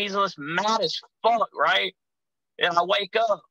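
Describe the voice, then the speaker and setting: A man's voice: high voice, slow, sharp tone, no room sound, lo-fi sound. A man telling rowdy, profane road stories as a guest on a casual podcast. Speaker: guest, pro wrestler.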